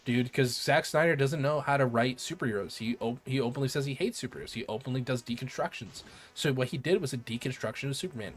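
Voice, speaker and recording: A male game streamer with a mid-range voice talks casually while he plays. He rambles excitedly from thought to thought, swearing freely, with faint game music behind him. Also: medium pitch. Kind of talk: casual chat while gaming.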